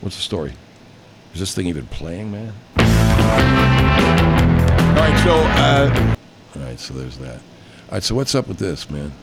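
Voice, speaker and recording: A man's voice: low-pitched, sing-song, a little slow, creaky, pauses often, over loud music. A middle-aged man in a rambling, profane, casual reaction vlog, mocking himself as he goes.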